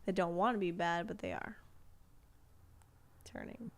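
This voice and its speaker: A woman's voice: fairly low pitch, fairly even intonation, a little slow. A woman in a casual book discussion who speculates playfully and laughs at her own far-fetched ideas.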